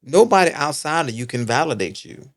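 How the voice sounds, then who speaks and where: A middle-aged Texan, guesting on a casual podcast, tells personal stories earnestly, repeats points for emphasis, and keeps checking in with "right?". His voice is a little high, with big pitch swings, and he talks slightly fast.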